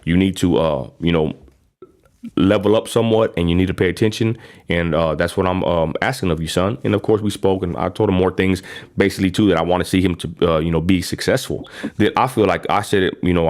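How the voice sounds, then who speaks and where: Livestream host, 30s man, West Texas accent, blunt rambling talker, fairly low voice. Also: steady tone, quick pace. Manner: rambling and blunt, lots of fillers. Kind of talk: casual livestream rant.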